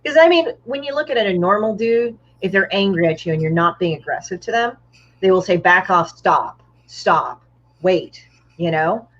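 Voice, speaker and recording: A woman's voice: medium pitch, fast. A woman, a guest comic artist, chatting casually and bluntly, swearing freely and acting out other people's lines. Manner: blunt, profane storyteller who acts out other people's lines. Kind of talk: casual podcast chat. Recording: dull, muffled lo-fi audio.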